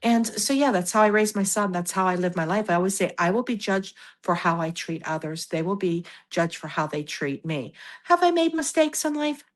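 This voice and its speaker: A woman guest on a podcast, telling stories in casual conversation in an animated way, often laughing and acting out what people said. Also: mid-range voice, a little fast, hardly any pauses. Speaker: guest, paranormal investigator.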